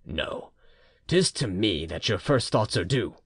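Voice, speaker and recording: Audiobook husband: slow, soft, intimate, low voice, man reading the part. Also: very animated, breathy edge, no echo, clean studio sound, heavily acted. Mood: tender. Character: returned peasant husband, tender yet commanding.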